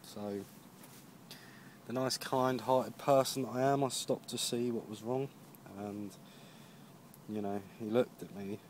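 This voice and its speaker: A man's voice: mid-range voice, steady tone, slow pace, long pauses, darkish tone. A young man from Jersey, a touring cyclist, telling a rambling casual video-diary story outdoors, worn out after a long day's ride. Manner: rambling storytelling, lots of "and I was like". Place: outdoors at a roadside camp. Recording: noisy outdoor camera recording.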